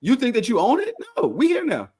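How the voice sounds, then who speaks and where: A man co-hosting a podcast in casual chat, teasing and animated, with loud bursts. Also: very high-pitched, fairly quick, slightly rough. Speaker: podcast co-host.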